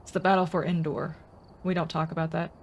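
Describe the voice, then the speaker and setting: A woman's voice: low voice, flat delivery, fairly quick. A woman streaming a game, chatting casually and rambling as she answers her viewers' comments. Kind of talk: casual live-stream chat.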